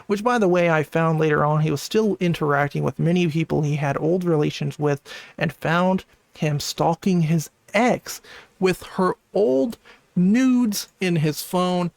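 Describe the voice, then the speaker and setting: A man's voice: on the high side, moderate pace, vocal fry, no room sound. A man reading out screenshots and adding casual commentary as a channel host. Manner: casual, conversational asides. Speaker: commentary YouTuber.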